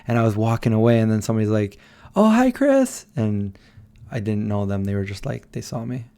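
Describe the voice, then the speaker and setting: A man's voice: lowish voice, level tone, quick pace, gravelly, mellow, clean tone. A tired man hosting a late-night livestream, rambling and answering viewers as he reads their messages aloud. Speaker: livestream host. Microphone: desk microphone.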